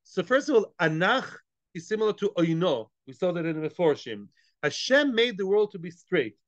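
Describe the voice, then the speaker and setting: High-voiced man teaching Talmud, dull and dry. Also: very animated, moderate pace, dry recording. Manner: explains Aramaic phrase by phrase in English, mixing in Hebrew and Yiddish terms; conversational, asks and answers his own questions. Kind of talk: daily Talmud class.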